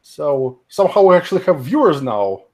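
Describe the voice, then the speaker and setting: A man's voice: fairly high pitch, big pitch swings, fairly quick, darkish tone. A man hosting a casual online chat stream, rambling with many fillers and restarts and laughing often. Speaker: stream host.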